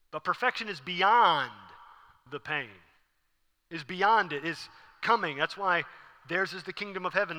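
Bright-voiced man preaching in a reverberant hall. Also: on the high side. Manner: conversational and humorous, asking the congregation questions. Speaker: pastor. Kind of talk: sermon.

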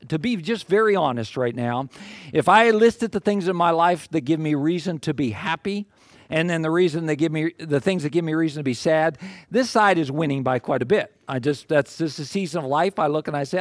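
An older man preaching, telling a personal story in a folksy, self-deprecating, animated way. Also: a little high, no echo, studio quality. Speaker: pastor. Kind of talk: storytelling sermon.

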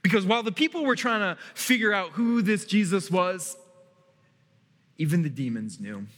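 A man preaching a sermon as pastor, emphatic, with dramatic pauses and repetition. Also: high-pitched, lively intonation, fairly bright tone, long reverb tail.

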